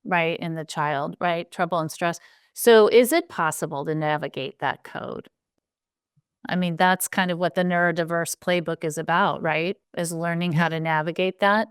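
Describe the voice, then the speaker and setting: A woman's voice: lowish voice, normal speed, smooth, no echo, clean studio sound. A woman hosting a podcast interview, affirming her guest and asking loose, rambling follow-up questions. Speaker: podcast host.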